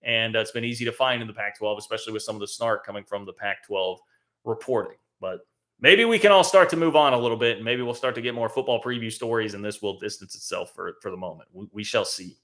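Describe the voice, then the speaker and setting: A man's voice: lowish voice, fast talker, a bit bright. A man hosting a live college football talk stream, giving conversational, emphatic commentary as he thinks aloud. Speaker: college football show host.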